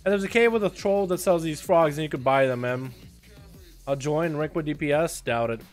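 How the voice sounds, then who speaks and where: Male game streamer with a high voice, cursing and hyped, loose livestream banter. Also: brisk, soft background music. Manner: profane, excitable, swings into loud outbursts. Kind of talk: casual livestream commentary.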